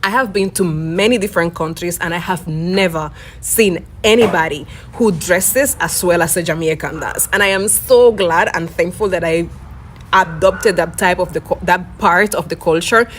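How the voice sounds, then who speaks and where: A woman from Cuba with a somewhat low voice talks in a candid, anecdotal way. Her storytelling is relaxed and conversational. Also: moderate pace, a little hiss or hum. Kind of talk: casual storytelling.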